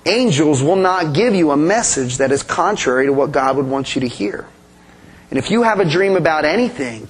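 A man's voice: fairly high pitch, moderate pace, a little hiss or hum, low-quality recording. A male pastor giving an interactive sermon, asking the congregation questions and affirming their answers in a conversational, emphatic way. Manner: animated emphasis, playful sound effects.

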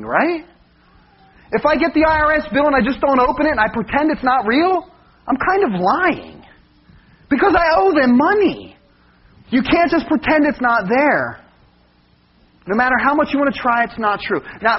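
A husky man with a very high voice preaches, his pitch leaping around as he keeps checking in with his listeners. The recording is dull and lo-fi. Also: a little hiss or hum. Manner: animated, questions the congregation often. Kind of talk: sermon.

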